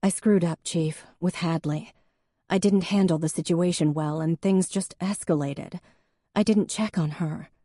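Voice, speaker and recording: A woman's voice: lowish voice, a little slow, dark tone, no echo, clean studio sound. A woman voicing an earnest, self-doubting female deputy who bursts out emotionally. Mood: upset. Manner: emotional, impulsive outbursts.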